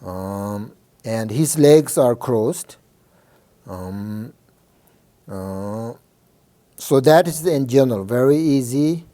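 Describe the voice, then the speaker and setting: Slow, soft-toned Buddhist teacher, a man. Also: mid-range voice, animated. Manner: halting, many fillers and restarts; checks in with listeners often. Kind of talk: informal dharma teaching.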